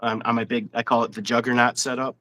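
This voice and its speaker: A man's voice: mid-range voice, little pitch movement, fast, sharp tone, rough recording. A man hosting a casual fishing livestream interview, chatty and rambling, laughing often. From Wisconsin. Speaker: host.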